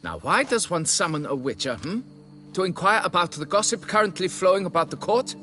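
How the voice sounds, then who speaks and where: An actor voicing a pompous, condescending aristocrat who owns a vineyard, in a video game, with faint music behind. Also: male voice, high voice, big pitch swings, brisk, pushed and bright, heavily acted. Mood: haughty. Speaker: nobleman quest giver.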